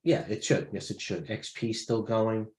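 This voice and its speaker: A man's voice: on the low side, normal speed, darkish tone. Rambling male trader in a roomy room. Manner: rambling, restarts, thinks aloud while checking positions. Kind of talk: live trading chat.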